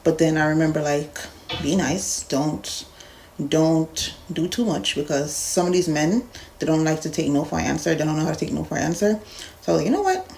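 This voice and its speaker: A young woman from Jamaica tells a story to her vlog camera, blunt and animated, acting out both sides of the talk. Her voice sits low and has a gravelly, fry-heavy texture. A faint hiss of background noise runs under her. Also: brisk. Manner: blunt, animated retelling with quoted dialogue. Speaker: vlogger. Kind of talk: casual storytime rant.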